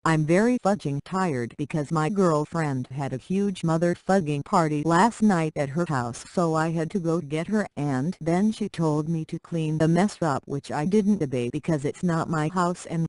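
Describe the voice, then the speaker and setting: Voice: mid-range voice, normal speed, few pauses, a little mellow, no room sound, natural voice. A text-to-speech voice reading the lines of a grumpy, swearing young man in a chat story. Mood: irritated. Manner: reads chat text aloud, spelling out dots and letters.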